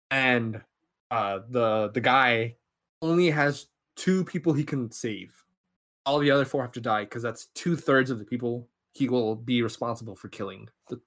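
A man hosting a podcast, casually retelling a film plot in an excitable, rambling way, full of restarts and fillers. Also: mid-range voice. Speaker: podcast host.

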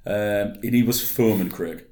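A man's voice: lowish voice, measured pace, darkish tone, reverberant. A man co-hosting a casual podcast chat, laid-back and sweary. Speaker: podcast co-host. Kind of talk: casual chat about wrestling.

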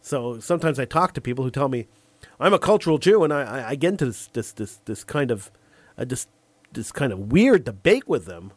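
A man hosting a call-in talk show, giving his opinions in a monologue. He often repeats words while searching for the next one and acts out imagined callers in quick back-and-forth. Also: mid-range voice, very animated, dry recording.

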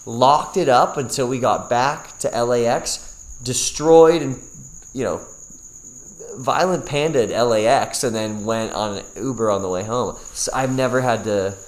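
A man's voice: medium pitch, a little slow, reverberant, low-quality recording. A man co-hosting a casual podcast, chatting loosely with jokes and swearing. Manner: loose, profane, joking. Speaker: podcast co-host. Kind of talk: casual chat.

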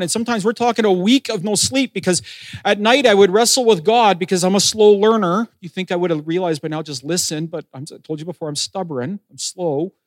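A man's voice: sits high, no room sound. A middle-aged man, a pastor, telling his story in a sermon, acting out conversations with self-deprecating humor. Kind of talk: sermon testimony.

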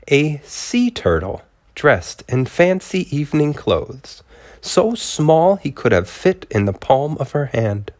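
A man with a cold, hosting a podcast from a home studio and reading a storybook chapter aloud in a relaxed way. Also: mid-range voice. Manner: relaxed, with fillers and soft laughs. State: has a cold. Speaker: podcast host and narrator. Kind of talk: casual appeal and storybook narration.

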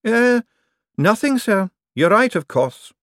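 A man reading an audiobook, voicing a nervous male secretary who talks in an anxious, panicky way, pitched well above his own voice. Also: very animated, slow, fairly bright tone, no echo, studio quality, full character voice. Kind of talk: audiobook character voice.

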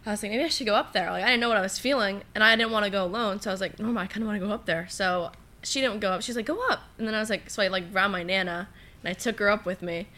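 A woman's voice: mid-range voice, rapid-fire, bright, forceful tone. A teenage girl telling her story in a casual chat, full of fillers and acted-out quotes. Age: teens. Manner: chatty storytelling, many fillers, acts out quotes. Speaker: guest.

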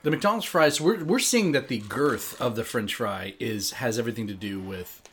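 A man's voice: medium pitch, expressive, moderate pace, fairly bright tone. A young man hosting a casual food-tasting chat, narrating each step and laughing often. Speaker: host.

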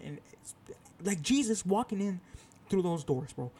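A man's voice: high voice, lively intonation, unhurried, dark tone, slightly rough. A young man hosting his own podcast, telling a rambling, profane, self-deprecating story in a casual solo chat. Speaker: podcast host.

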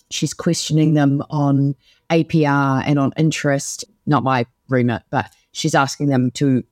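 A woman's voice: very deep voice, a little mellow, no room sound. Woman, podcast co-host, enthusiastic rambling chat, dry close recording. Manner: enthusiastic, rambling, many fillers. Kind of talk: casual chat.

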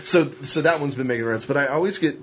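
A man co-hosting a podcast, telling stories in a joking, animated casual chat. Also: medium pitch, quick pace, slight background noise. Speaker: podcast co-host.

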